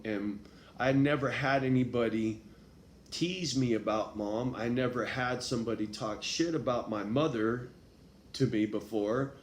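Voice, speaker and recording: A man telling a personal story in a casual, profane way, full of street slang and tag questions. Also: fairly low pitch. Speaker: vlogger. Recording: echoey room with faint background noise.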